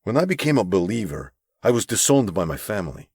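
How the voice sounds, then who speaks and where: A male narrator voicing an older bearded mentor, gentle and devout, speaking earnestly in a raised voice. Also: on the low side, very animated, fast talker, breathy edge, no room sound, studio quality, pitched above the performer's own voice, heavily acted.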